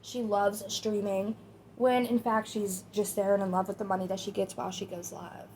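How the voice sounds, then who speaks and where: A woman's voice: medium pitch, level tone, normal speed, darkish tone, a little hiss or hum. A woman hosting a casual commentary video, chatty and opinionated, talking straight to her viewers. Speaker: commentary host.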